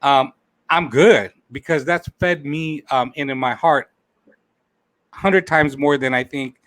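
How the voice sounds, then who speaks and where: Heartfelt host on the verge of tears. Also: male voice, a little high, unhurried, fairly bright tone, no room sound. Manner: heartfelt, repeats phrases, says he is near tears. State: close to tears. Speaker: talk show host. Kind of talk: emotional live-stream chat.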